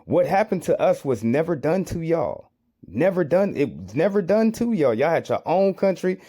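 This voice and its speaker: Mellow-voiced American man arguing a point. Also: fairly high pitch, sing-song, moderate pace. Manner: rhetorical questions, repeats phrases, argumentative. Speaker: commentator. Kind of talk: reaction commentary on clips.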